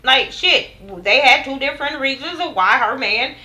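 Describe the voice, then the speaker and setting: Bright-voiced woman giving a profane, animated recap. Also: high voice, moderate pace, rough recording. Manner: animated, profane, acts out quotes of others. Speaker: TV show reviewer. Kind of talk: casual recap vlog.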